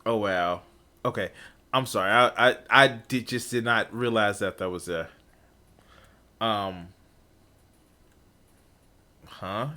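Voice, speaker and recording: A man's voice: on the low side, takes it slowly, long pauses, pushed and bright. A man streaming a reaction to a debate, talking casually with profane, incredulous outbursts.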